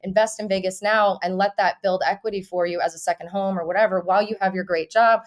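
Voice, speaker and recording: A woman real estate agent hosting a casual live-stream chat, upbeat and chatty, with quick restarts. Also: medium pitch, fairly even intonation.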